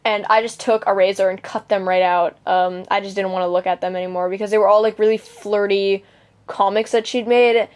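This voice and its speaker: A woman's voice: medium pitch, steady tone, a little fast, a little mellow, smooth. A teenage girl venting a personal story to camera, indignant and swearing freely, with lots of fillers and restarts. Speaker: vlogger.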